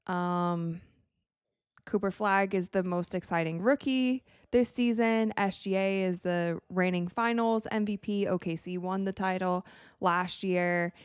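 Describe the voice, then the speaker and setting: A young woman from Wisconsin hosting a live game watch party, chatting casually and reacting excitedly to plays as she talks. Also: medium pitch, unhurried, smooth, no echo, clean studio sound. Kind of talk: live casual commentary to chat.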